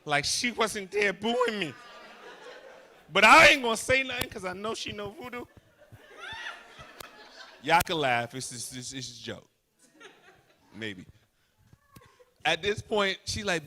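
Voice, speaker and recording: A man doing stand-up comedy on a live stage, teasing the crowd loudly and then dropping into hushed asides. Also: a little high, big pitch swings, measured pace, pauses often. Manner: loud, teasing, swings from shouting to hushed asides.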